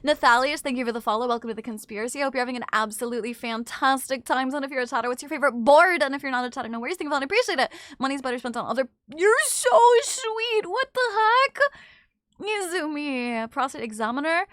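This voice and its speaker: A woman streamer chatting casually with her chat, apologetic and bubbly, quick to gasp and laugh. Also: high voice, a bit bright, dry recording.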